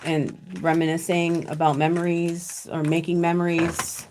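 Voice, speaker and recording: A woman does a casual live tarot reading from home over her computer, with her child nearby, chatting, checking in with viewers and cussing now and then. Her voice is on the low side, level, unhurried and a little mellow, with a little hiss or hum.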